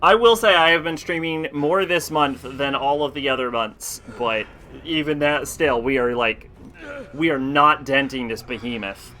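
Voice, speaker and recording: Bright-voiced, profane game streamer. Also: male voice, mid-range voice, measured pace. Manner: rambling, profane storytelling. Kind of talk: casual chat while playing.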